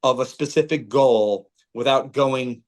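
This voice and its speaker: A man, a former player, analyzing football in casual talk, animated and full of "you know" fillers. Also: medium pitch, a little slow. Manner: animated, filler-heavy, repeats phrases.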